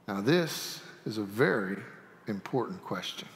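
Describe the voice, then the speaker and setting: A man preaching from the pulpit in a folksy, animated way, dropping playful asides. His voice sits a little high for a man, and it rings out with the long reverb of a church sanctuary. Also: a little slow. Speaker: pastor. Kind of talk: sermon.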